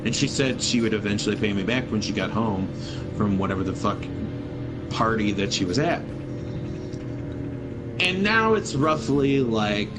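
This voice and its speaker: A man's voice: lowish voice, moderate pace, long pauses, loud music behind the voice, rough recording. Rambling, profane young man telling stories. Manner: rambling, profane, animated storyteller. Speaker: gaming streamer. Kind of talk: casual storytelling over gameplay.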